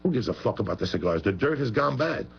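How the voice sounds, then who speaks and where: Fast, gravelly, foul-mouthed man. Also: mid-range voice, big pitch swings. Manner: rambling, profane, emphatic. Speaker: guest. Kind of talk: heated profane talk radio chat. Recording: muffled radio broadcast with faint hum.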